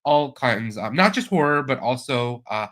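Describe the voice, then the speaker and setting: A man's voice: mid-range voice, animated, moderate pace, fairly bright tone. A man hosting a live stream chat show, talking in an enthusiastic, chatty way with plenty of fillers. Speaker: host.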